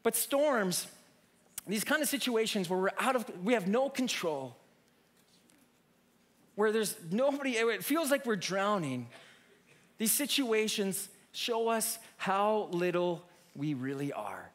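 Male preacher, higher voice, lively storytelling sermon, restarts often. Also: slow pace. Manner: animated storyteller, many restarts.

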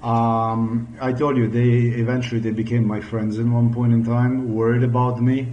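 A man's voice: medium pitch, flat delivery, moderate pace, dull audio. A man talking bitterly in a rambling, profane monologue, accusing and swearing as he speaks. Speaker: vlogger. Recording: roomy echo with faint hum.

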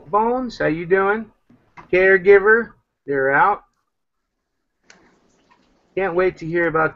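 A man hosting a casual online talk show, rambling loosely and giving shout-outs to listeners. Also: sits high. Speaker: podcast host. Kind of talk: casual chat. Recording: dull lo-fi sound.

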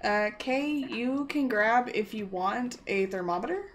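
A woman's voice: on the high side, measured pace, a little hiss or hum. A woman streaming a co-op horror game, chatting casually and organizing her teammates with frequent laughs. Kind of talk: casual gaming chat.

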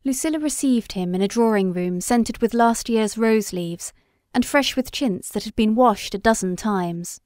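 A woman narrating a classic story in a measured, steady storytelling voice. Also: fairly high pitch, no echo, studio quality. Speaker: audiobook reader. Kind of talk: scripted literary narration.

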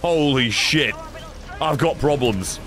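A man streaming a co-op shooter with friends, swearing, shouting and ranting in exasperation. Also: mid-range voice, expressive, slow. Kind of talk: loud excitable gaming banter. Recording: game music behind.

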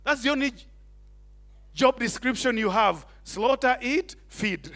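A middle-aged man preaching a sermon, animated, tossing in Swahili asides and questions to the congregation. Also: extremely high pitch, slow pace. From Kenya. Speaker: pastor.

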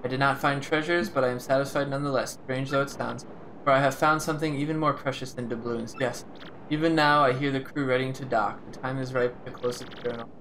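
A man's voice: mid-range voice, fairly even intonation, fairly quick, a bit bright, a little hiss or hum, natural voice, rough recording. A man voicing a pompous, vain male sailor adventurer from a video game in a grandiose, self-praising way.

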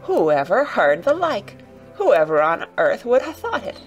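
A woman voicing a stern older housekeeper with a Yorkshire accent, exclaiming in a lower, measured voice. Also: sing-song, lo-fi sound, faint music behind, close to an everyday voice. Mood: astonished.

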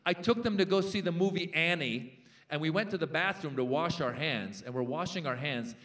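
A man in his forties doing a stand-up comedy set on a festival stage. He tells his stories with animated character voices for the punchlines. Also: fairly high pitch, normal speed. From Iranian-American. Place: large festival stage with live translation.

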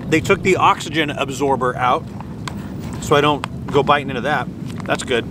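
A man's voice: mid-range voice, normal speed. A man rambling casually through a food review with jokey asides, sitting outdoors by the water and filming on a hand-held camera. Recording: outdoor traffic and vehicle noise.

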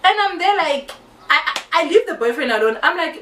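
A young South African woman with a South African accent, telling a casual story-time tale with lively, animated delivery and mixing in local words. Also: high-pitched, a little fast, recorded from a distance. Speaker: YouTuber. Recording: echoey room, a bit off-mic.

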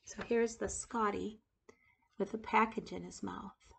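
Gravelly-voiced woman reading a picture book. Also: mid-range voice, unhurried, noisy background. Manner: expressive, shows pictures as she reads. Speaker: storyteller.

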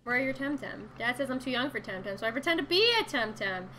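Woman voicing eager game kid, high and bright. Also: animated, fast talker, faint music behind, rough recording. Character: playful young child eager to pretend. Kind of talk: reading game dialogue aloud.

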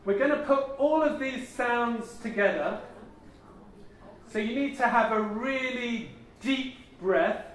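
A man leading a conference audience through an energetic voice warm-up, coaxing and theatrical, laughing often. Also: very high-pitched, slow, slight background noise. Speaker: plenary speaker leading a voice warm-up. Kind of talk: leading a group vocal exercise at a conference. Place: large conference hall. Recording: very echoey hall, mic far off.

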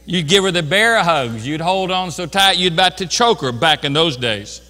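A man's voice: a little high, expressive, moderate pace, sharp tone, big-room sound. An older man, a pastor, preaching a sermon with earnest, folksy asides.

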